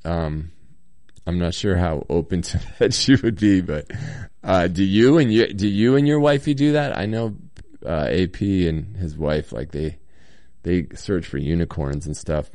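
A man's voice: sits low, measured pace, darkish tone, no echo. A man hosting a casual solo talk show from a hotel room, reading listener comments with a slight cold, rambling with lots of ums and little chuckles.

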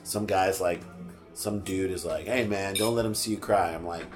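A middle-aged man, a podcast guest, telling a personal story in casual chat, animated and swearing freely, acting out what people said. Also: deep voice, normal speed, music in the background.

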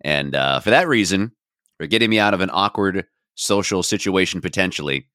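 A man's voice: sits low, animated, brisk, sharp tone, dry recording, studio quality. A man co-hosting a podcast in easygoing, playful casual chat. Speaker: podcast co-host.

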